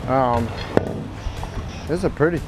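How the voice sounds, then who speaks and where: A man's voice: mid-range voice, unhurried, rough recording. A man hosting a fishing show from a boat, giving easygoing, joking tips as he fishes. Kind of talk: casual on-boat fishing commentary. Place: outdoors on a boat on the Gulf. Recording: background music over the voice.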